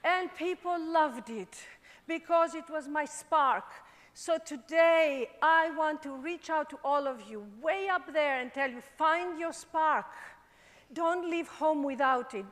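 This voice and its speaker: A woman's voice: high voice, measured pace, fairly bright tone. A woman from Greece with a Greek accent gives a motivational stage talk, telling her story with animation and acting out the dialogue. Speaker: speaker. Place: performing arts center stage. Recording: long reverb of a large performing arts hall.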